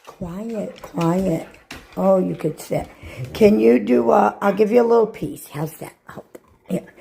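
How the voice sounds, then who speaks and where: A woman's voice: a little high, creaky, darkish tone. A woman talking playfully to her pet dog, coaxing and praising it. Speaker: pet owner. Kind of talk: casual talk to a pet.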